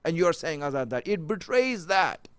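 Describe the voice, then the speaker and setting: A man preaching an emotional sermon, repeating his phrases and building to near-shouts. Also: a little high, big pitch swings, moderate pace, clean tone, no echo.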